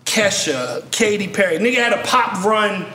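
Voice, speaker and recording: A man from Virginia telling animated stories in casual chat, acting out other people's voices as he goes. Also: high-pitched, normal speed, reverberant, a little hiss or hum. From Virginia, USA. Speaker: podcast guest songwriter telling stories.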